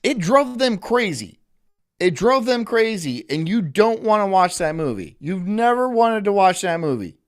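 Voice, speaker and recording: Man, casual stream chat, profane incredulous rant, lively pitch, fairly high voice. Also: moderate pace. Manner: animated, incredulous, profane ranting.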